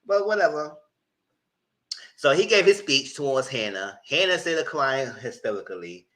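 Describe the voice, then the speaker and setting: Sassy male recap host, blunt and slangy, bright tone, very animated delivery. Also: moderate pace. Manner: sassy, blunt, slangy, breaks into mocking high voices. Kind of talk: live recap commentary.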